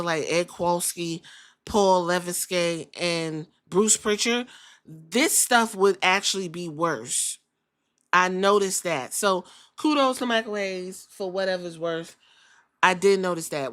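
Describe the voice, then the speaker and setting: A woman's voice: medium pitch, fairly bright tone. A woman hosting a podcast, giving a casual, blunt and opinionated review that is laced with casual swearing. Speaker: podcast host.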